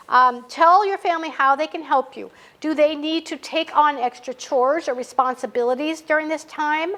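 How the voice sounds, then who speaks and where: A woman's voice: on the high side, fairly bright tone. A middle-aged woman giving a casual writing workshop in a library meeting room, chatty and full of anecdotes that she laughs at herself. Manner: chatty, anecdotal, laughs at her own stories.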